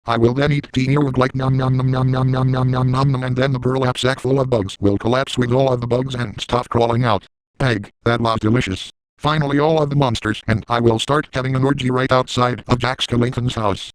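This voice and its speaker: A man's voice: mid-range voice, fairly even intonation, brisk, no room sound, natural voice, poor audio. A man voicing a gleeful, scheming, villainous middle-aged man in a boastful first-person comic monologue.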